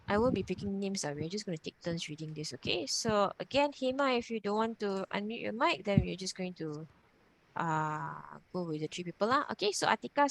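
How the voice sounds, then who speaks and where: A woman's voice: mid-range voice, creaky, a bit bright, slight background noise. A woman teacher, patiently explaining grammar over a video call and repeating key points. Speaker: Mandarin teacher. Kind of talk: online class teaching.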